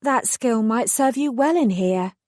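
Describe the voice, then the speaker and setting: A woman's voice: fairly high pitch, unhurried, no room sound, clean studio sound, pitched above the performer's own voice. A woman playing a cooing, menacing fairy godmother. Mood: mocking. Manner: cooing, teasing, calm menace. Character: coolly cruel female fairy godmother, mocking.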